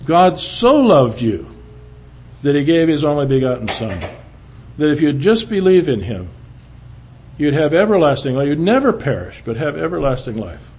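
A man's voice: fairly high pitch, very animated, moderate pace, darkish tone, slight background noise. A man voicing his devout navy pilot friend, eager and insistent. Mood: urging.

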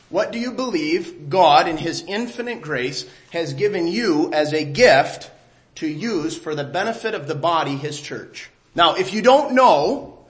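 A man preaching a sermon as pastor, talking conversationally, asking rhetorical questions, his voice dropping low and quiet at the ends of phrases.

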